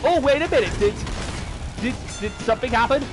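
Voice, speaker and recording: A man's voice: very high-pitched, animated, fairly quick. A young man streaming a racing game, chatting to his viewers in a rambling, stop-start way while he plays. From United Kingdom. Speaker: gaming streamer. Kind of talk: live gameplay commentary. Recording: game music loud under the voice. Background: loud racing game music.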